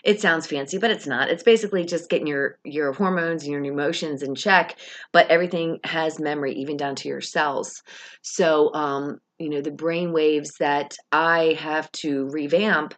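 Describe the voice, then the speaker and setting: A young adult woman telling a lively, casual story about her faith, acting out her own words and other people's as she goes. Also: low voice, normal speed. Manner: animated, rising excitement, quoting herself and others. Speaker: vlogger sharing a faith testimony.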